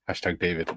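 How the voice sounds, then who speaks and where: A man's voice: sits low, pushed and bright, no echo. A Welsh man co-hosting a casual livestream, laughing often, telling stories and reading out viewer comments. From Wales. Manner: laughs often, tells anecdotes, reads viewer comments aloud. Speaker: co-host.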